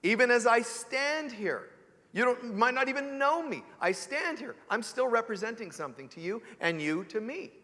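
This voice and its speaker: A man giving an animated sermon as a spiritual teacher, joking and asking rhetorical questions. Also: extremely high pitch, normal speed, big-room sound. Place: church sanctuary.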